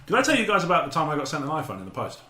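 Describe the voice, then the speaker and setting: A man's voice: fairly high pitch, wildly swooping pitch, racing, crowd noise. A man hosting a podcast, telling a rambling story with jokes and frequent laughter. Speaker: podcast host. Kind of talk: casual chat. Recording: echoey room, faint noise.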